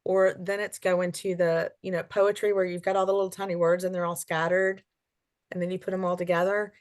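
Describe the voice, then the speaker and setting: A woman with a fairly low voice giving an animal communication reading. She explains gently and reflectively in casual talk. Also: level tone, a little fast.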